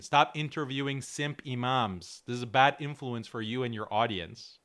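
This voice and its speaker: A man's voice: mid-range voice, moderate pace, fairly bright tone. A man hosting a show, reacting to clips with mocking commentary and frequent laughter. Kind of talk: casual commentary.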